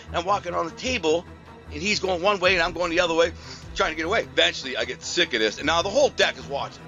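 A man with a bright, forceful voice rambles through a personal story, piling up slang, fillers and restarts. Faint music plays softly behind him. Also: a little high, racing, dull audio.

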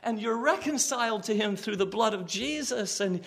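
A man's voice: high-pitched, animated, normal speed, vocal fry, a bit bright. A man pastor preaching a sermon with earnest emphasis, sometimes repeating words and raising his voice on quoted cries.

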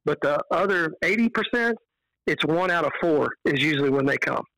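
Man, Texan accent, earnest storyteller, bright tone, dry close sound. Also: a little high, fairly quick, vocal fry, no room sound, rough recording. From Texas. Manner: earnest, animated storyteller who quotes dialogue. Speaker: podcast guest, evangelist. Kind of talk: casual storytelling on a podcast.

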